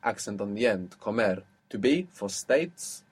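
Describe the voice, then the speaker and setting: A man's voice: lowish voice, expressive, measured pace, breathy edge. A man teaching an audio language lesson, explaining patiently and quizzing his student.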